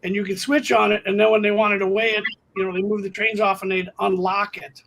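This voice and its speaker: A man hosting a casual live chat about his model railroad, explaining things in a halting, rambling way with many restarts. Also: sits high, flat delivery, fairly bright tone, a little hiss or hum, poor audio.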